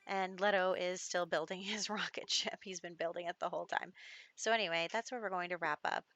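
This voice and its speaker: A woman's voice: fairly low pitch, fairly even intonation, brisk, fairly bright tone, dry recording, highs cut off. A young adult woman giving casual gameplay commentary, chatty and laughing often, with lots of fillers. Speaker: gaming YouTuber.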